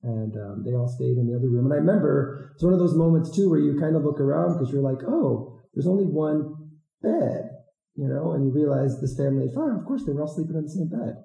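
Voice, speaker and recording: A man who served as a volunteer teacher, telling stories in a relaxed, rambling way with many fillers and restarts. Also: medium pitch, quick pace, gravelly, few pauses. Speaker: former Peace Corps volunteer teacher. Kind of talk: casual storytelling interview. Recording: roomy echo.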